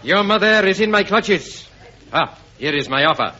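Sleazy cartoonish french revolutionary, heavy fake french accent, muffled old tv sound with hiss. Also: male voice, high-pitched, expressive, moderate pace, pushed and bright. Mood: scheming. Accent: put-on comic French. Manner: leering, punning, theatrical. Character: lecherous scheming French revolutionary envoy, male. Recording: muffled old broadcast, hiss, audience laughter.

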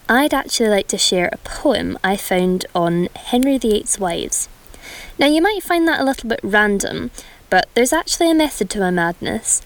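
A woman's voice: on the high side, rough recording. A woman hosting a radio show, chatting about a musical and reading a rhyming poem aloud. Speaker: radio host.

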